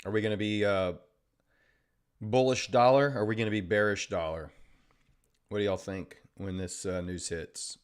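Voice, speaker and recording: On his trading livestream, a man reads viewers' comments aloud and chats with them casually, joking and sarcastic. He speaks at a moderate pace with long pauses, in a fairly low, fairly even, clean-toned voice.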